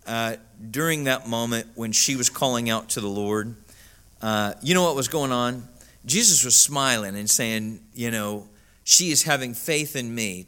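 A man's voice: mid-range voice, pushed and bright. A male pastor preaching a sermon, telling a story with frequent "uh" fillers and emphatic peaks.

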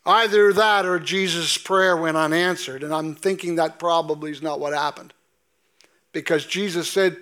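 A man preaching a sermon as pastor in a church, reading scripture slowly and with emphasis. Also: on the high side, fairly even intonation, bright, forceful tone. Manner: slow, deliberate preaching with emphatic drawn-out scripture quotes. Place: church sanctuary.

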